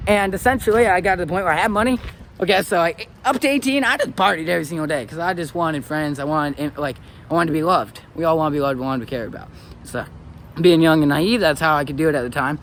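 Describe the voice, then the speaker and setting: A young man from Arizona in his twenties tells his life story as a motivational speaker, animated and swearing freely. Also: a little high, slight background noise. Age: 20s. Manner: animated and swearing, rising to excited peaks. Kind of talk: personal story monologue.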